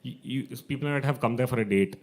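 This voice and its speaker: A man's voice: mid-range voice, a little fast. A man hosting an open mic, telling a comic story to a live audience, chatty and self-mocking.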